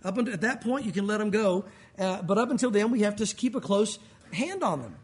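A man preaching a sermon as pastor to his congregation, lively and conversational, acting out the voices of people he quotes. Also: high voice, brisk, breathy edge.

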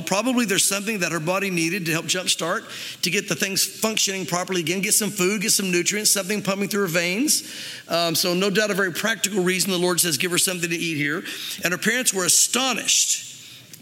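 A man's voice: high voice, sharp tone, big-room sound. A man preaching a sermon as pastor, earnest and conversational, with restarts and asides, in a church.

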